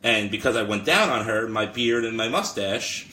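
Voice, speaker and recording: A man's voice: lowish voice, lively intonation, normal speed, pushed and bright, reverberant, a little hiss or hum. A man co-hosting a wrestling podcast in casual chat, joking and laughing often. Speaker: podcast co-host. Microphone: webcam and mic, streamed live.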